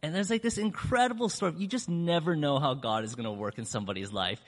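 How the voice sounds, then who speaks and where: A man addressing a congregation in a large hall, his voice trailing into long reverb. He tells a story casually, with fillers and restarts, and his voice sits a little high. He leaps up and drops down as he acts out other people's lines. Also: fast. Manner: acts out quoted speech with big pitch swings. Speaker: church speaker telling a mission story.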